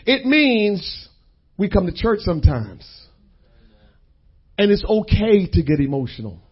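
A man preaching a sermon, repeating key lines and calling out to the congregation in drawn-out phrases. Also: high-pitched, big pitch swings, breathy edge, highs cut off.

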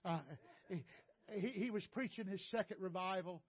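Older male preacher, high voice, emotional testimony with cries and hush, dry muffled feed. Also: normal speed. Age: 60s. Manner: impassioned, rising to near-shouts and breaking toward tears. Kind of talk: testimony sermon.

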